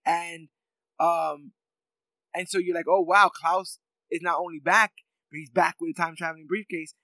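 A man's voice: a little high, fairly even intonation, moderate pace, bright, forceful tone, dry recording, low-quality recording. A man in casual chat, rambling with many fillers and laughs as he talks through a favorite scene.

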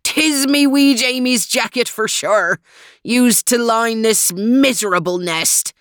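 A gruff old terrier with a Scottish accent speaks in a raised voice, as a woman narrator puts him on. It is a storybook reading, recorded dry and close. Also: fairly high pitch, slow, a bit bright, no room sound, voice pushed up. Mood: grieving.

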